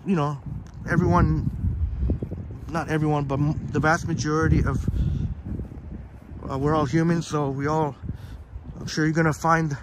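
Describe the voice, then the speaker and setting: A man's voice: a little high, level tone, moderate pace, long pauses, very noisy. Chatty man streaming a park walk. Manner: chatty, reads viewer comments aloud by name. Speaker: live-stream host. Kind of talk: casual live-stream walk chat. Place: outdoors in a park, walking. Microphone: phone on a live stream.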